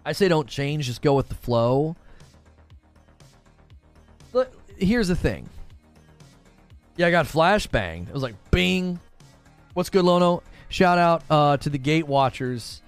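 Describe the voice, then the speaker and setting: A man's voice: a little high, lively intonation, slow pace, pauses often, clean tone, faint music behind. A young adult man hosting a gaming news show, talking casually and animatedly on a livestream and answering chat.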